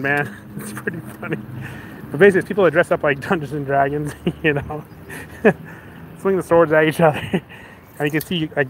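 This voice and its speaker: On a low-quality recording with slight background noise, a male vlogger with a somewhat high voice tells a casual story. He gets animated, laughs a lot, and acts out both parties by shouting their lines.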